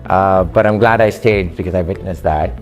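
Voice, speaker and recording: A man with an accent telling his story to a coach in an earnest, halting conversational way, with frequent fillers. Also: low voice, soft background music. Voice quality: speaks with an accent. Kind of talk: casual conversation.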